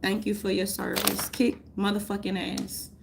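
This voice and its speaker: A woman, ranting loudly and profanely to her viewers, laughing often. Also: medium pitch, fairly even intonation, moderate pace, vocal fry, noisy background. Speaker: vlogger. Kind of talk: unscripted rant to camera.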